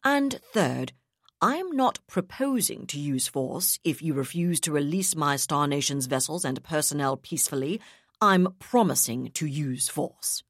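A woman voicing an unflinching male naval captain who speaks calmly, firmly and in measured terms. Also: deep voice, no echo, clean studio sound. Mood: resolute. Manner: calm, firm, measured.

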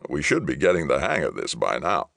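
A man's voice: rumbling low, fairly quick, creaky, dry recording, clean studio sound, full character voice. A man reading a resigned but upbeat official. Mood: encouraging. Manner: steady, encouraging. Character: resigned middle-aged male official, upbeat.

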